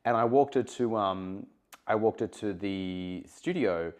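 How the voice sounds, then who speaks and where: A man's voice: on the low side, unhurried. A man, speaking as a podcast guest. He tells his stories eagerly and with animation, tripping over and restarting phrases as he goes. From Australia. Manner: animated, eager, self-interrupting anecdotes. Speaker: journalist and broadcaster guest. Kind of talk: conversational storytelling.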